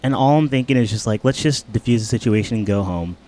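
A young man recounting a tense encounter in casual chat, earnest, with halting restarts. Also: lowish voice, dark tone.

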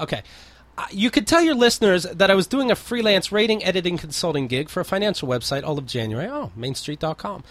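A man from New York hosts a casual podcast, reading listener letters in a high, bright voice. He makes wry asides and swears freely. The sound is close and dry, with no room around it. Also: animated, fast, no echo. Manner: wry, profane, reads letters aloud. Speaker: podcast host.

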